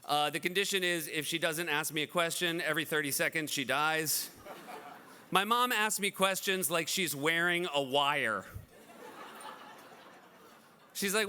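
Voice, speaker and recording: A man in his forties hosting a benefit event, telling dry, self-deprecating stories in an animated stand-up style. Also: a little high, moderate pace, a little hiss or hum. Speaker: event host. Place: large event hall.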